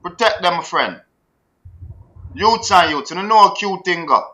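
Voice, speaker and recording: Jamaican man, high bright voice, animated rant, patois-laced host talk. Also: moderate pace, rough recording. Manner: animated, ranting, patois-laced, repeats words. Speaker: podcast host. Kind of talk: heated casual commentary.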